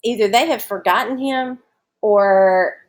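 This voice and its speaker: A woman's voice: medium pitch, unhurried. A woman teacher giving a recorded online lesson from home, explaining a short story in a casual, chatty way with fillers.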